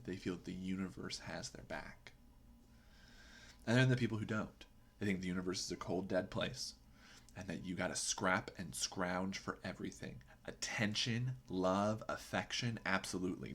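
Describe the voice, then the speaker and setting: A man's voice: fairly low pitch, fairly bright tone, husky. A man hosting a poetry podcast, giving earnest, emphatic commentary and often asking a rhetorical "right?". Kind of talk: reflective commentary on a poem.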